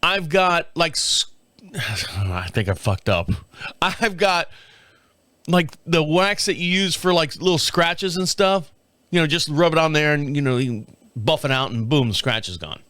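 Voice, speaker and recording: A man's voice: on the high side, a little slow, smooth, no echo. Profane, rambling man telling a story. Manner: profane, rambling, animated with laughs and sound effects. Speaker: podcast host. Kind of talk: casual storytelling monologue.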